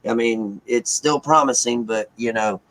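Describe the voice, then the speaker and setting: A man's voice: mid-range voice, measured pace, a bit bright, rough recording. A man talks through a long personal story at an easy pace. He rambles with lots of fillers and slips into the voices of the people he quotes. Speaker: caller sharing news. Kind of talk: casual storytelling chat.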